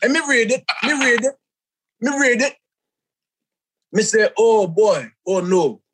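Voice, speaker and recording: Man doing a Jamaican accent, boastful showman, shouty, exaggerated. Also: high-pitched, lively intonation, measured pace, slight background noise. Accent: Jamaican, put on. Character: brash man with a loud Jamaican accent, money-hungry showman.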